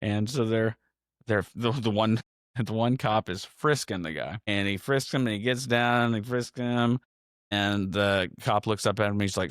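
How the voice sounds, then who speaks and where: A man's voice: lowish voice, normal speed, clean tone, no room sound, studio quality. A man hosting a casual solo podcast, telling a rambling story with chuckles and restarts. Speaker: podcast host.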